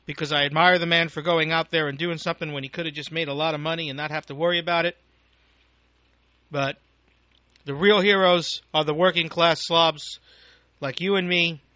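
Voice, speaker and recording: A man's voice: fairly high pitch, sharp tone, no room sound. An American man giving an angry, profane, rambling political rant as a talk radio host, on a dull lo-fi recording. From United States.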